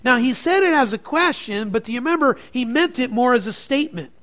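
Pastor, male, high-pitched, animated sermon delivery, dips quiet then builds loud. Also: fairly quick. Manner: animated preaching, swinging from quiet to emphatic.

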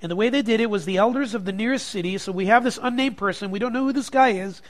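A man preaching a sermon to a congregation, moving from quiet reflection to loud, emphatic passages. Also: high-pitched, quick pace. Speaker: pastor.

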